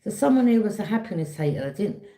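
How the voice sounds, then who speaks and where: A woman giving a casual, chatty tarot reading, often checking in with a quick "yeah?". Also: mid-range voice, big pitch swings, warm tone. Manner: chatty, repeats herself, frequent "yeah?" check-ins. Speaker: tarot reader. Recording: roomy echo.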